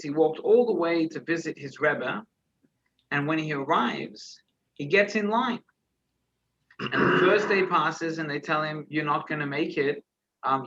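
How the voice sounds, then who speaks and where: A rabbi tells a story during a Torah class in a bright, gravelly voice, pitched a little high for a man. He speaks conversationally, searching for words and circling back on his phrases. The sound is slightly dull and lo-fi.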